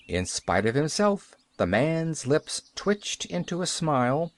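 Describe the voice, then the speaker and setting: A man narrating a classic novel as an audiobook, with a lively storytelling delivery. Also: fairly high pitch, takes it slowly, few pauses.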